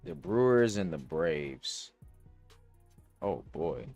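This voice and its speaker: This young man's voice is low, expressive, slow, and darkish as he hosts a podcast and casually talks through sports betting ideas, slang and cursing included. It's recorded dry on a close mic with faint music.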